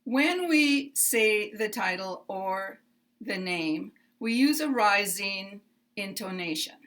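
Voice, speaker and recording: An American woman teaching a pronunciation lesson, speaking deliberately and enunciating clearly with pauses. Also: mid-range voice, lively intonation, a bit bright. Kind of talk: slow, careful English lesson.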